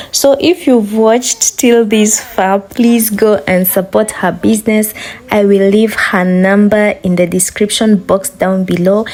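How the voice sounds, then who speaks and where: A young woman with a hoarse voice from a sore throat, chatting casually to her viewers in a vlog. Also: medium pitch, darkish tone. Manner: chatty, addresses viewers directly. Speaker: vlogger.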